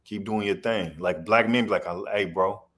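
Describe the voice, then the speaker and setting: Deep-voiced man telling loose stories. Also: normal speed, fairly bright tone. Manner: loose, rambling storyteller with slang. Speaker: podcast guest, comedian. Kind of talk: casual storytelling interview.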